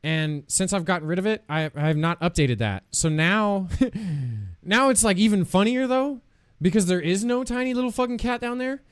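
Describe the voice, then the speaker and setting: A man's voice: sits high, lively intonation, moderate pace, clear, resonant tone, no echo, studio quality. A man streaming live, chatting casually with viewers in a playful, joking way, laughing often and swearing freely.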